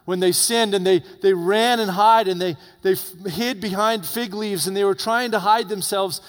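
A man preaching an evening sermon, swinging between loud urgent peaks and low hushed warnings. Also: fairly even intonation, normal speed, hardly any pauses. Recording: long reverb of a hall.

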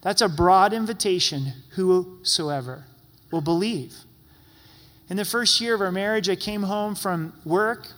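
A man's voice: high-pitched, normal speed, fairly bright tone, long reverb tail. A man preaching a sermon as pastor in a church sanctuary, talking in an earnest, pleading, conversational way.

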